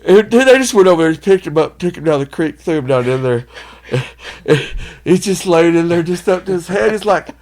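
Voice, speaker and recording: A man, a podcast guest telling rambling party stories in casual chat, laughing often and getting loud when he acts out other people. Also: fairly high pitch, moderate pace.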